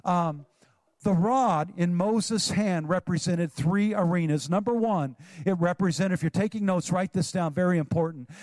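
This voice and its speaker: A middle-aged male pastor preaching to his congregation in a church, lively and exhorting with touches of humor. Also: high-pitched, moderate pace, dry recording. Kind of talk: sermon.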